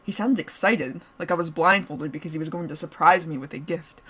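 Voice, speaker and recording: This streamer's voice is deep yet fairly bright in tone, slightly rough, and a little fast. She reads a story aloud with live reactions, laughing playfully and cutting away to joke with her chat.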